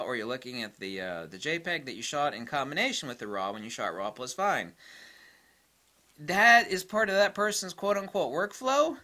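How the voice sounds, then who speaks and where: Man, ranting monologue, sarcastic, exasperated, bright tone, lively pitch. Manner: exasperated, sarcastic, mocks others in put-on voices. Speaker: photography vlogger.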